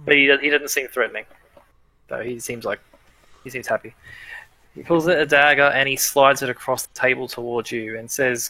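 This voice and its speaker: A man's voice: medium pitch, fairly even intonation, normal speed, sharp tone, no echo, rough recording. A man narrating as game master in a tabletop role-playing game, easygoing and chatty, laughing often.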